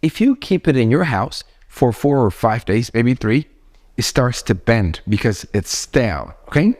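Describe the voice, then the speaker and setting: A man's voice: medium pitch, sing-song, a little slow, darkish tone. A young man with an Ethiopian accent, a non-native English speaker, gives a casual, chatty English lesson and often asks his viewers questions. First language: not English. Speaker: English teacher.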